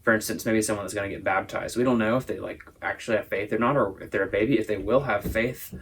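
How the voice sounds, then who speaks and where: A man's voice: lowish voice, steady tone, quick pace, fairly bright tone, a little hiss or hum. A man teaching a Sunday school lesson, explaining at length in a casual, thoughtful way. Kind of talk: casual Bible discussion.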